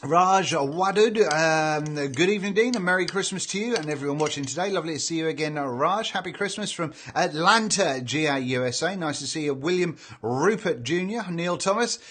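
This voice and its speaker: A cheerful British man hosting a live stream, reading out viewers' names and greetings in a relaxed, chatty way. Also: a little high, fairly quick, hardly any pauses, slight background noise. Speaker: livestream host reading chat. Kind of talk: casual live chat.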